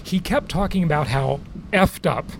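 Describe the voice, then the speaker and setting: A man's voice: fairly high pitch, moderate pace, a little hiss or hum. A man hosting a podcast, telling a travel story in a chatty way and laughing often. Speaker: podcast host. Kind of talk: casual chat and interview.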